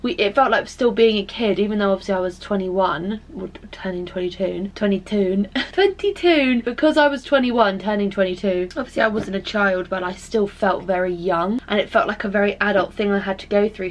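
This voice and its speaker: Girl in her twenties, rambly emotional vlog chat, lots of "like", swears a bit, doing makeup while she talks. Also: mid-range voice. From England. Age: 20s. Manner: rambling and emotional, full of "like" fillers, swears freely. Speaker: vlogger.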